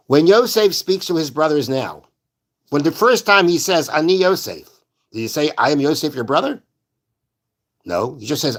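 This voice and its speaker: Male Torah class teacher, a bit high-pitched, builds his point through repeated questions. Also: big pitch swings, moderate pace, fairly bright tone. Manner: explains step by step, repeating rhetorical questions; mixes Hebrew verse quotations into plain talk. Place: synagogue study hall.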